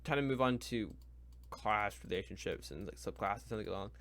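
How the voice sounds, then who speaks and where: A young man reacting live to a book, exasperated and ranting, going from mutters to loud complaints. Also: on the low side, brisk. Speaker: reviewer.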